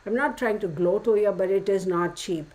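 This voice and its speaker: A woman's voice: mid-range voice, a little fast, a little mellow, rough recording. A woman hosting a live stream, talking casually to her viewers in a frustrated, rambling way with many restarts and lots of "y'all.". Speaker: tarot channel host greeting live chat viewers. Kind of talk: casual livestream chat.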